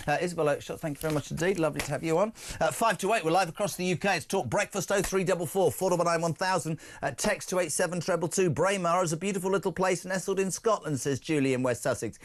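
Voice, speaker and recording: A man with a British accent hosting a breakfast radio talk show, opinionated and rambling, often restarting his sentences. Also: on the high side. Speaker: radio host.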